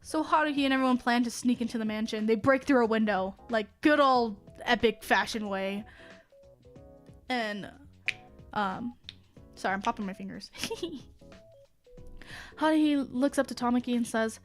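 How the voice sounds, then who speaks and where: A young woman streamer chats her way through a story, rambling and swearing casually. She laughs often as she goes, and her voice sits a little high. Quiet music plays underneath. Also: moderate pace, pauses often. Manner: laughs often while talking. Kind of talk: casual chat retelling an anime plot.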